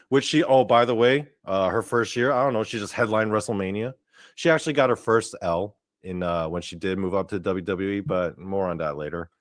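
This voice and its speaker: A male host giving rambling, profane, excitable commentary over wrestling footage. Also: on the low side, normal speed.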